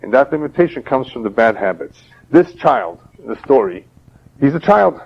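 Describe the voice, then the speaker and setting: A man, a rabbi, giving a religious lecture and teaching through parables in a steady, explaining way. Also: medium pitch, moderate pace, vocal fry, breathy edge. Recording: dull lo-fi older audio.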